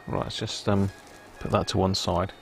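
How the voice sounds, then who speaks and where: Repairing a vintage radio on a relaxed live stream, this host talks with his audience, responds to chat, and mumbles to himself while testing components at his electronics bench. He has a low voice, and the background is noisy.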